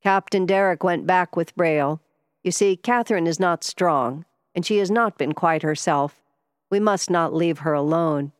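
Woman reading an ailing older gentleman, courteous. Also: fairly low pitch, moderate pace, no echo, studio quality, lightly acted. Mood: earnest. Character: ailing older male yacht owner, polite.

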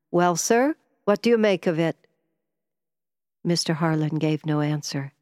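A woman narrating a storybook in a measured, expressive reading. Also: deep voice, no room sound, clean studio sound.

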